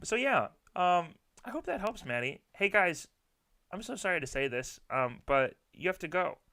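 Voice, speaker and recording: Lively, bright-voiced young man joking. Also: high voice, normal speed. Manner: deadpan joking, breaks into laughter. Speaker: podcast co-host. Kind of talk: comedic podcast chat.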